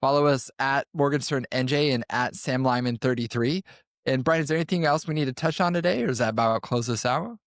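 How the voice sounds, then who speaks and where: A male co-host with a mid-range voice who keeps the show moving briskly. His voice is recorded close and dry, with no room echo. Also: medium pitch. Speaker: podcast co-host. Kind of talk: policy podcast discussion.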